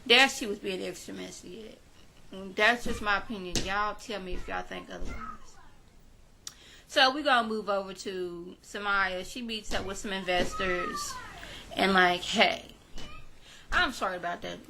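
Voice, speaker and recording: A woman's voice: medium pitch, animated, a little slow, gravelly, noisy background. A woman recapping a reality show episode in a chatty, opinionated way, talking straight to her viewers with speech. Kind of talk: casual recap talk with quoted paraphrases.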